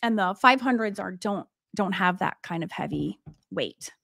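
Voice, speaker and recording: A woman's voice: mid-range voice, lively intonation, moderate pace, creaky, a bit bright, dry recording. A woman in her forties, an art teacher hosting a livestream, chatting casually with many fillers and laughs.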